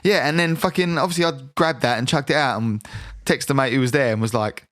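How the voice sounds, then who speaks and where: A man's voice: medium pitch, fast, fairly bright tone, no echo, studio quality. A young British man telling a rambling, sweary story in casual podcast chat, full of restarts. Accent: British English. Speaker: podcast co-host.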